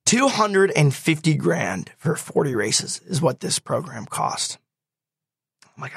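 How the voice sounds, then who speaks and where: A young man telling a personal story in casual talk, animated and quick to quote others. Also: a little high, vocal fry, breathy edge, no room sound, studio quality.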